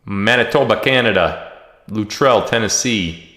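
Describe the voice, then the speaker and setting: Deep-voiced man hosting a livestream. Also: measured pace. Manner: joking, reads viewer comments and shout-outs aloud. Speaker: livestream host. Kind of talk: casual livestream chat. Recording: echoey room with long reverb.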